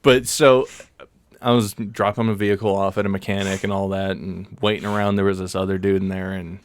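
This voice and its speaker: Low-voiced man telling a rambling story. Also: fairly even intonation, a little fast, slight background noise. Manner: rambling storytelling, laughs often. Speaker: podcast co-host. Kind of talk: casual podcast banter.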